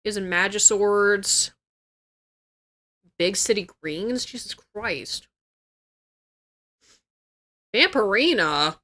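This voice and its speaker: A woman's voice: mid-range voice, expressive, slow pace, pauses often, pushed and bright. A young woman livestreamer chatting casually, swearing freely and reacting in disbelief as she reads things out. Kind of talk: casual chat.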